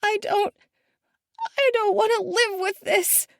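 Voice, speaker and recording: Woman voicing a distraught teenage girl, high and strained. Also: takes it slowly, creaky, no room sound, clean studio sound, exaggerated voice. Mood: despairing. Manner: sobbing, accusing, high and strained.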